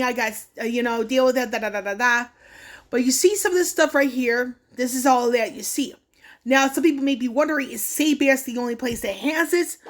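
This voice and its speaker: A woman vlogger talking casually through a screen recording, earnest and warning, with fillers and restarts. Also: high voice. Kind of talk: casual screen-share walkthrough.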